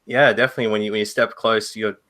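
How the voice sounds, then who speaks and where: Bright-voiced, stammering man. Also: on the low side, level tone, fast. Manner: stammering, repeats words. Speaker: player. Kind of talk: tabletop role-play chat.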